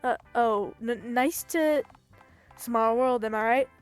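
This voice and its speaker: A stammering, self-pitying phone-headed loser with a high, bright voice, read by a woman streamer over faint music. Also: slow pace, smooth. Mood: flustered.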